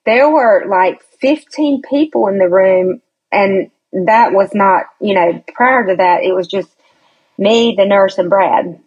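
A woman with a mid-range, slightly breathy voice speaks slowly as a podcast guest, telling a personal story in a chatty, hesitant way with many restarts. It's casual storytelling chat, captured on a dull lo-fi recording.

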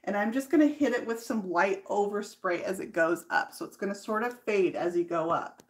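A woman's voice: mid-range voice, normal speed. A woman hosting a live furniture painting demonstration in her workshop, explaining each step in a chatty way and laughing easily. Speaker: furniture painter and tutorial host.

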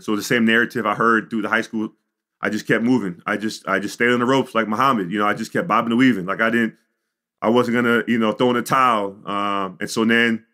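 A middle-aged man from the Chicago suburbs, a podcast guest telling his life story in an animated way, with frequent "you know" and "like". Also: on the low side. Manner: animated storyteller, acts out quotes. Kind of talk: storytelling interview.

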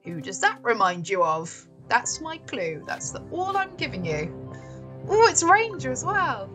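A young British woman talks through her game in a bubbly, giggly, chatty way. Her voice is bright and swoops up and down, with faint game music playing under it. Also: high voice, sing-song, unhurried. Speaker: gaming YouTuber. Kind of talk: casual let's-play chat.

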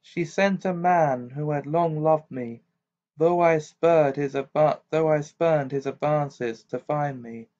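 A man's voice: on the high side, slow pace, darkish tone, voice pushed up. A man reading the lines of a proud, bitter female ghost in an amateur audiobook, with a stiff, clipped delivery. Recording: dull lo-fi recording.

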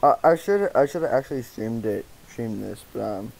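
A man's voice: mid-range voice, animated, moderate pace, gravelly, darkish tone, a little hiss or hum, poor audio. A young man chatting with friends on a close mic, giggling and egging them on. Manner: giggly, eggs the others on. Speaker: streamer. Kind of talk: casual chat with friends. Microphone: mic too close.

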